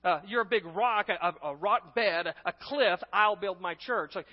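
A man preaching a sermon as pastor, emphatic, swinging between loud stresses and hushed asides. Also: sits high, normal speed, few pauses. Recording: long hall reverb, dull lo-fi sound.

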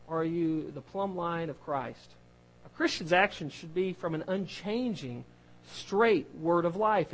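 A man's voice: high voice, rough recording. A man preaching a sermon, talking in a conversational way that builds in force. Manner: conversational preaching, grows louder and more emphatic.

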